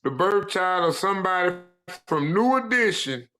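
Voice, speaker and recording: A man's voice: sits high, lively intonation, normal speed, a crowd in the background. A man on a call-in panel, teasing the others in a playful, slangy way. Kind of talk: casual panel chat.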